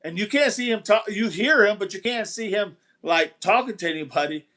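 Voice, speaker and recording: High-pitched, expressive and fairly quick, this man's bright, forceful voice carries a casual livestream. The host rambles, repeats himself and reads out the chat to greet viewers.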